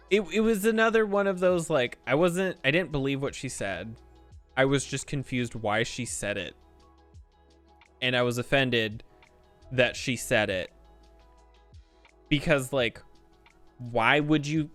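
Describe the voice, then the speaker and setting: A man in a heated, rambling rant on a game stream, his voice smooth and resonant. He swears freely and keeps restarting his sentences, with soft music faintly underneath. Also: medium pitch, expressive, a little slow, no room sound.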